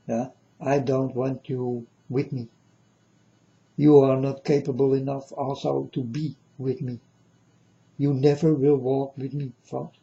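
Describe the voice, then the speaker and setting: Slow, dark-voiced man in a lo-fi monologue. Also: medium pitch, flat delivery, creaky. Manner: solemn, repetitive, keeps addressing "folks". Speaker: self-styled prophet. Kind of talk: rambling spoken monologue to viewers.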